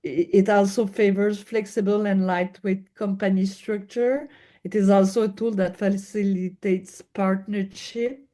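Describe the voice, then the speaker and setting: Slow-spoken woman with a Québécois French accent. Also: medium pitch, steady tone, dark tone. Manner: hesitant, searching for words with restarts. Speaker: guest. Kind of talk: interview conversation.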